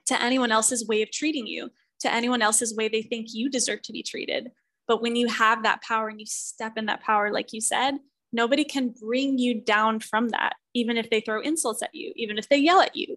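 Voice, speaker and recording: Woman, 30s, podcast guest coach; higher register, earnest and emphatic, dry close sound. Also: a bit bright, no echo, poor audio. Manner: earnest and emphatic, acts out quoted voices. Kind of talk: podcast interview conversation.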